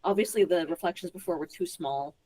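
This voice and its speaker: A woman playing a tabletop game, chatty and playful, talking in quick bursts. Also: fairly low pitch, warm tone. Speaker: player. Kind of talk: casual tabletop play.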